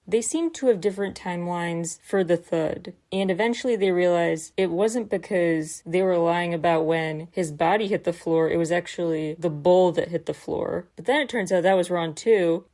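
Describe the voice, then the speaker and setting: A woman hosting a podcast, recapping a mystery episode in a chatty way with wry asides. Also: on the low side. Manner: chatty, wry asides, quotes lines in animated voices. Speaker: podcast host. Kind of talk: recapping a K-pop variety episode.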